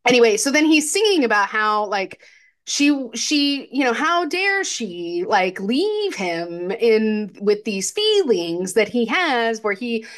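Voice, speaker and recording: A young woman with a slightly high voice chats casually about a film. She retells scenes with animation and slips into the characters' lines as she goes. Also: big pitch swings, slow pace. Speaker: podcast co-host. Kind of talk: casual movie discussion.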